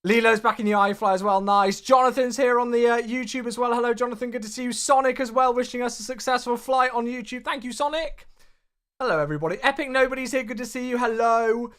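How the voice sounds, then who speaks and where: An upbeat man, chatting casually on a livestream from home. His pitch and volume swing widely as he welcomes viewers by name, friendly and talkative. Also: steady tone, fast, a bit bright, clear, resonant tone. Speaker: flight sim livestreamer.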